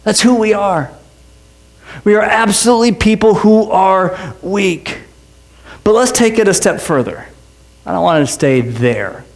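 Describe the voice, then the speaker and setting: A man's voice: sits high, lively intonation, unhurried, reverberant. A man preaching a sermon as pastor, conversational and joking, full of rhetorical questions. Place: church sanctuary.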